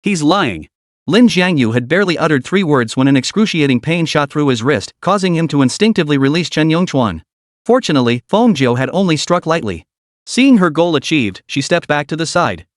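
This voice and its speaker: In a scripted reading voice, a man narrates a dramatic story recap, telling it in a lively way and voicing every character's lines himself. His voice sits on the high side and moves fairly quickly, recorded dry at studio quality.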